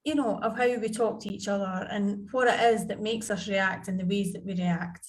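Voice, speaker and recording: This parenting coach, a podcast guest, speaks in a mid-range voice with fairly even intonation at normal speed. Over a video call she tells chatty, anecdotal parenting stories and acts out family exchanges during a conversational interview.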